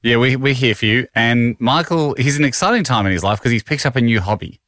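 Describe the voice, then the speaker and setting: A man's voice: medium pitch, lively intonation, a little fast, a bit bright, dry recording, studio quality. A man, co-hosting a radio show with jokes and rambling stories. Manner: joking, storytelling. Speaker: radio host. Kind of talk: casual comedic banter.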